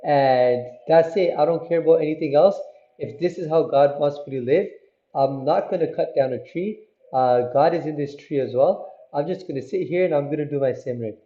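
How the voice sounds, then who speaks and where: A man's voice: on the high side, normal speed, lightly acted. A man voicing a simple, devout holy man in an earnest, plain-spoken way, inside a story. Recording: muffled, roomy recording.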